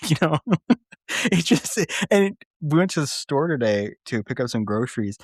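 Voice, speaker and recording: A man's voice: a little high, sing-song, unhurried, husky, no room sound. A man co-hosting a podcast, chatting casually and laughing often. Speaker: podcast co-host. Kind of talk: casual chat.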